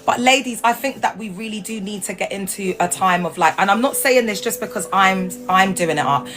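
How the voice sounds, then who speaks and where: A woman chatting casually to viewers on a livestream, animated and laughing, her voice jumping up high when she gets excited. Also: fairly quick, faint music behind. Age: adult with grown children. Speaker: livestream host. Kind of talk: casual chat.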